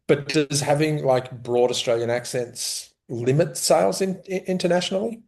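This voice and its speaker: A man's voice: on the high side, moderate pace, creaky, a little mellow. Man asking casual, probing questions. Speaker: interviewer. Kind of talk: conversational interview questions.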